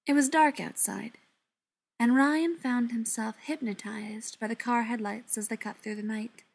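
A woman reading a story aloud in a soft, often half-whispered voice. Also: a little high, fairly even intonation, measured pace, gravelly. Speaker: narrator. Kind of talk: audiobook narration.

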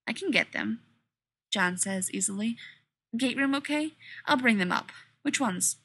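A woman voicing a relaxed, offhand male military officer in a story reading. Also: a little high, unhurried, husky, dry recording, heavily acted. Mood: easy, practical.

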